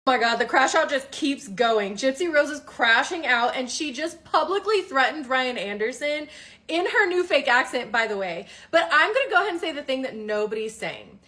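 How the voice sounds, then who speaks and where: A woman with a high voice gives casual commentary. She is direct and incredulous, speaking straight to the people she criticizes. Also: expressive, normal speed, bright, forceful tone. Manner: pointed, direct address, incredulous. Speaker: commentary vlogger.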